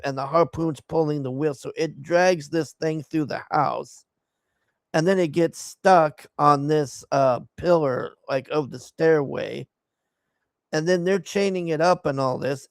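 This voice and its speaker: A man's voice: a little high, dry recording, clean studio sound. A man giving a profane, exasperated recap of a movie he hated, scornful of its plot. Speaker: movie reviewer. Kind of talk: casual ranting movie recap.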